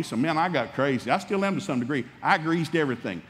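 A man's voice: on the high side, fast talker, slight background noise. Folksy preacher man in a reverberant hall. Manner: animated, folksy, humorous preaching that acts out dialogues. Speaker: pastor. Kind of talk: sermon.

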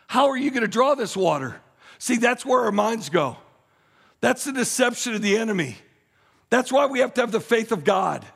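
A man preaching a sermon as pastor of a church, with sudden shouts and phrases half sung. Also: very high-pitched, vocal fry, husky. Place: church sanctuary. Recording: long hall reverb with faint music.

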